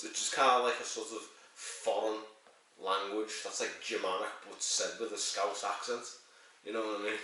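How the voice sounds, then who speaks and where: A man's voice: on the low side, a bit bright, slight background noise. A man reviewing a beer in a rambling, crude and jokey way, swearing as he goes. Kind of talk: casual sweary review monologue. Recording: very echoey room, mic at a distance.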